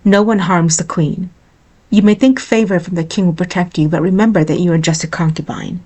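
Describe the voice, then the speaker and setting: A woman voicing a devoted young male royal guard in a storybook reading, speaking softly and earnestly. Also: lowish voice, fairly even intonation, fairly quick, husky. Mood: stern.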